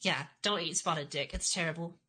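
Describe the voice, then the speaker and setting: A tipsy, tired woman co-hosts a casual podcast chat, giggling and tripping over her own words. Her voice is lowish but bright and sharp-edged. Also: moderate pace, slightly rough. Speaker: podcast co-host.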